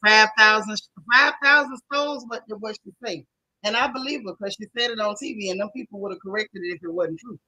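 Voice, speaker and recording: A woman's voice: mid-range voice, fast, a bit bright, husky, dry recording, low-quality recording. A woman with a Southern US accent hosting a casual live recap chat, greeting viewers by name and talking with sassy slang. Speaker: show recap host.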